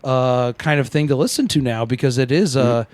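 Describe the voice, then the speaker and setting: A man on a podcast as the comedian guest, riffing in animated, casual comedic chat. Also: mid-range voice, moderate pace, no echo. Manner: animated, riffing, breaks into shouted singing.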